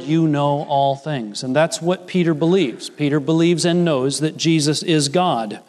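A man preaching a sermon in an earnest, explanatory way, often quoting scripture with rising emphasis. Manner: earnest, rises in pitch when quoting Jesus and Peter. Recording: long hall reverb.

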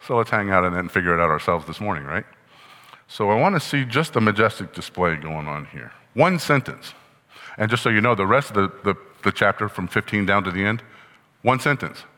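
Bright-voiced male pastor in a reverberant hall. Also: fairly low pitch, lively intonation, fairly quick. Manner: conversational teaching, asks the congregation questions. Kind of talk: sermon.

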